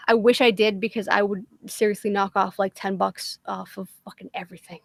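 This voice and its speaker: A woman's voice: mid-range voice, fairly even intonation, moderate pace, vocal fry, no echo. A woman with a Boston accent hosting a casual livestream, swearing constantly and rambling with self-deprecating jokes. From Massachusetts. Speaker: livestream host.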